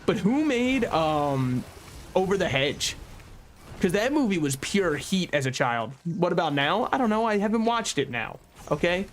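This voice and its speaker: A man casually commentating his game stream, rambling from thought to thought and cracking jokes at his own expense. His voice sits a little higher than most men's. A faint hiss lingers behind him. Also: very animated, measured pace. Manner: rambling, joking, laughs often at his own remarks.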